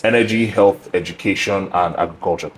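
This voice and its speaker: A young man hosting a podcast, talking about himself in a reflective, measured way with frequent ums and restarts. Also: sits low, poor audio. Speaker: podcast host. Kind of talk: casual interview chat. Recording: faint background noise.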